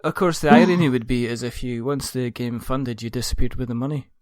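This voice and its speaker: A man hosting a podcast interview, jokey and quick to laugh, spinning comic scenarios between his questions. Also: mid-range voice, darkish tone. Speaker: podcast host. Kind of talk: casual interview chat.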